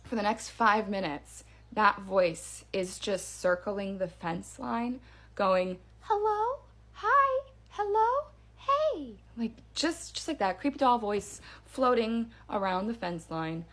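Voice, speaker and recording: A woman's voice: mid-range voice, slow pace, a bit bright. A woman casually telling a first-person scary story in a chatty way, with fillers and restarts.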